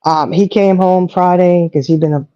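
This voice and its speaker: A middle-aged woman, chatting on a livestream and telling stories with animated quoting. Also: fairly low pitch, moderate pace, no room sound. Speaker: co-host. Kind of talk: casual chat on a livestream. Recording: dull lo-fi audio.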